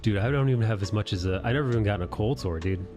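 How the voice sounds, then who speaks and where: A man's voice: lowish voice, rapid-fire, loud music behind the voice. A man hosting an art live stream, chatting casually in a crude, profane way and laughing easily. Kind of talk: casual chat.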